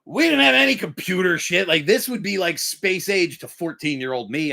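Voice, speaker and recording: A middle-aged man hosting a livestream, giving profane, animated life advice and breaking into yelled impressions. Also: sits high, moderate pace, gravelly. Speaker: livestream host. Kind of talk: profane motivational rant.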